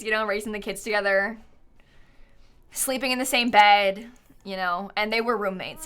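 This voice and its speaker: A woman's voice: fairly high pitch, animated, normal speed, sharp tone, clear, resonant tone. A woman from the United States live-streaming a game, chatting casually and rambling, often laughing and answering her chat.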